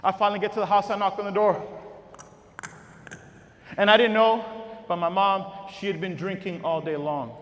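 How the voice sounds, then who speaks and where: A man from giving a keynote speech to educators, leading the crowd in call-and-response chants and telling stories in a hushed voice. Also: high-pitched, fairly even intonation, normal speed, pauses often. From Texas. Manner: storytelling, dropping to a hushed voice. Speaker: motivational speaker. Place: large auditorium. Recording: reverberant hall with audience.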